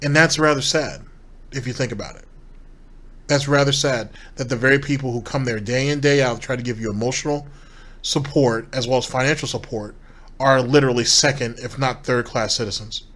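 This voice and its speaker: A man's voice: medium pitch, a little fast, fairly bright tone. A man hosting a commentary show, reacting critically and sarcastically to a streamer's clips with rhetorical questions. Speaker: commentary channel host.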